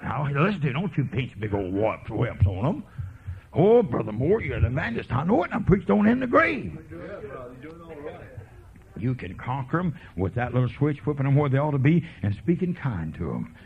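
A man preaching a revival sermon as a folksy evangelist, swinging from quiet murmurs to fervent preaching. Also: medium pitch, sing-song, normal speed, slight background noise. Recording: tinny lo-fi sermon tape.

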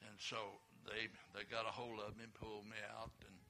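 An older man preaching a sermon in a folksy storytelling way, chuckling often, with a gravelly voice. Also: fairly low pitch, little pitch movement, brisk, pushed and bright.

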